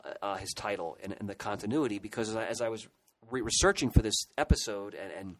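A man's voice: lowish voice, fast talker, no echo, low-quality recording. A middle-aged man co-hosting a podcast, casually and nostalgically rambling through childhood memories. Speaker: podcast co-host. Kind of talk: casual chat.

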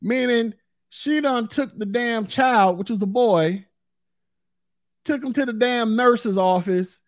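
High-voiced man ranting bluntly. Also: slow, no room sound, clean studio sound. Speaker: podcast host. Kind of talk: solo opinion podcast. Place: recorded in Florida.

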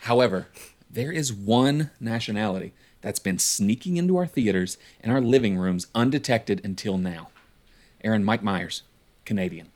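Low-ish guy hosting a chill podcast from home, jokey, laughs a lot. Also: lively intonation, normal speed, a little mellow. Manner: chatty, laughs often, playful mock-apologetic asides. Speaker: podcast host. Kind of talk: casual chat.

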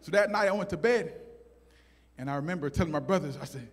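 Man telling a stand-up story, high voice, husky, animated, hall echo. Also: fast talker. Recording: hall with long reverb.

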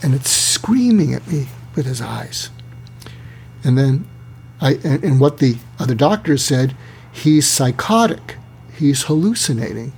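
A man, a psychiatrist, telling a personal story in a talk, acting out the voices of the people in it and slowing down for emphasis. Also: medium pitch, expressive, gravelly, darkish tone, slight background noise. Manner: acts out quoted voices, slows down for emphasis.

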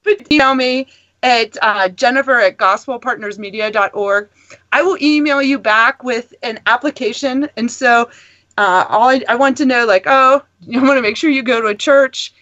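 A woman with a fairly high voice tells stories in an animated, rambling way and keeps breaking into laughs. The audio is dull and lo-fi, with a close, dry sound. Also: moderate pace, dry recording. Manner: animated storytelling, laughing often. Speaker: campus ministry guest. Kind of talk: casual chat.

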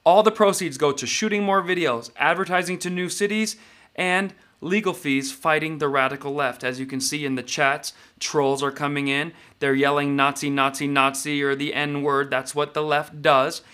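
A man's voice: on the high side, normal speed, bright, forceful tone. A man hosting a live-stream show, talking to viewers in an emphatic, opinionated way.

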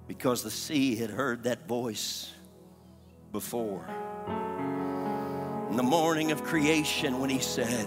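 Slow, deliberate preacher in a reverberant hall. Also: male voice, mid-range voice, fairly even intonation. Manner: slow preaching cadence with frequent "uh" fillers, dropping to hushed whispers. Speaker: pastor. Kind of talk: sermon. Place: church service. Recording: live church recording in a reverberant hall with faint music.

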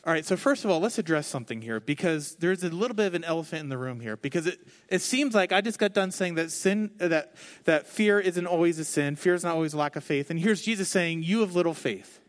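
High-pitched guy pastor, thirties, casual sermon, jokes at himself. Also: expressive, fast, few pauses. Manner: conversational, self-mocking, acts out quoted voices.

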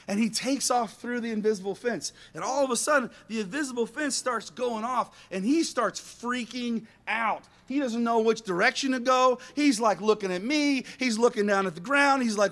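A man telling an animated personal story to an audience in a rambling, self-mocking way, acting out bits of dialogue. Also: very high-pitched, moderate pace, few pauses.

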